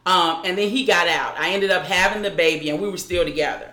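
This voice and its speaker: A woman, as an interview guest, recounting a personal story in a halting way with frequent restarts. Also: lowish voice, bright, forceful tone, reverberant.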